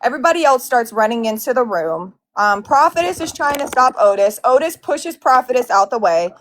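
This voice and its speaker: A woman's voice: fairly high pitch, lively intonation, brisk. A woman casually recounting a heated fight with many fillers and restarts. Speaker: guest telling her side.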